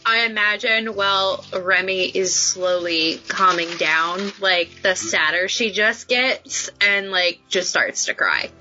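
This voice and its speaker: A woman's voice: medium pitch, slow pace, hardly any pauses, sharp tone. A woman playing a tabletop game, giggling and thinking aloud. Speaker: player. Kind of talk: casual tabletop game chat. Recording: dull lo-fi audio with faint music.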